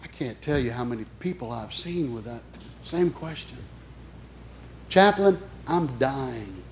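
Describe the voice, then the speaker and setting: A middle-aged man preaching a sermon as a chaplain, emphatic, swinging between loud and soft. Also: mid-range voice, animated, normal speed.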